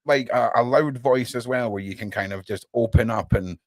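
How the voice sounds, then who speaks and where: Blunt rambling podcast co-host, dry sound. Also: male voice, medium pitch, moderate pace, no room sound. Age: adult, with a daughter. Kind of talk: casual chat.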